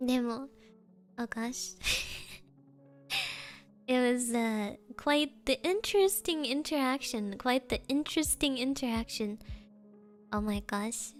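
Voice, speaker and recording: Young female streamer, high voice, slow unhurried delivery, giggly rambling chat, light music underneath. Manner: giggly, rambling storytelling with fillers. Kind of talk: casual chat.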